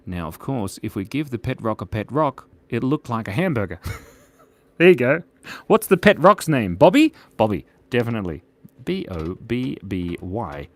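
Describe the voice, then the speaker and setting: Recorded with no room sound, a young man with a mid-range voice runs a live drawing stream. His casual chat is playful, with giggles and viewer comments read aloud.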